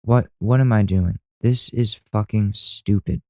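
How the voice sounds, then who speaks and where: A man's voice: on the low side, a little slow, dark tone, dry recording, studio quality. A young man hosting a podcast, ranting casually and with exasperation, swearing freely. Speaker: podcast host. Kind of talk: casual rant to camera.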